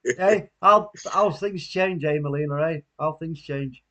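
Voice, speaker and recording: A man's voice: fairly high pitch, unhurried, fairly bright tone. A man hosting a live football watchalong, chatting casually, laughing often and reading out viewer comments. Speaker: watchalong host. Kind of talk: casual live stream chat.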